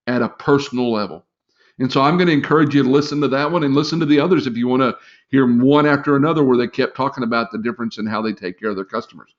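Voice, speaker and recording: A middle-aged man training salespeople in a live webinar, chatty and encouraging, with lots of fillers. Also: mid-range voice. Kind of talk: casual live webinar talk. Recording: slightly dull lo-fi webinar audio.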